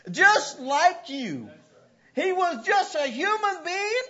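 A man preaching a sermon with passion, often breaking into shouts and laughs. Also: extremely high pitch, sing-song, very slow. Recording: dull lo-fi recording.

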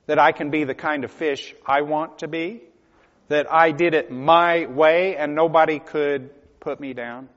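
A man preaching a sermon, swinging from hushed, quiet passages to loud, pleading cries. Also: mid-range voice. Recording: dull lo-fi recording in a reverberant hall.

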